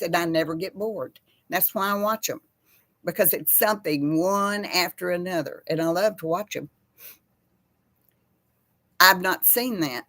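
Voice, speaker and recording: A woman's voice: fairly low pitch, fairly bright tone, dry recording. A middle-aged woman hosting a casual livestream chat, rambling from topic to topic and greeting viewers by name. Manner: rambling, chatty, laughs easily. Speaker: host.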